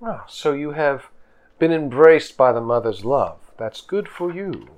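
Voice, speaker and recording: A calm tribal chieftainess speaks with formal, serene wisdom, played by a man in a tabletop game. Her speech is measured and welcoming, at an ordinary middle pitch.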